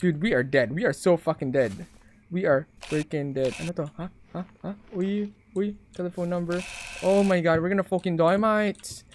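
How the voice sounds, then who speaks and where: A young woman with a Filipino accent commentating a horror game, swearing freely and breaking into loud panicked yelps. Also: lowish voice, normal speed, slight background noise. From Philippines. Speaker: gaming YouTuber.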